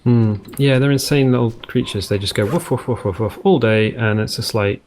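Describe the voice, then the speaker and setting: A man's voice: mid-range voice, moderate pace, darkish tone, a little hiss or hum. Rambling man narrating his gameplay at home. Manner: rambling, self-interrupting, jokey tangents. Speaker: gaming video host. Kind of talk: casual let's-play commentary.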